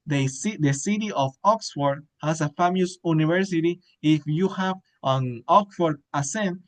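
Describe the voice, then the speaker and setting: A man reading a book aloud, halting often with hesitations and restarts as he works through the text. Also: a little high, rough recording. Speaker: reader.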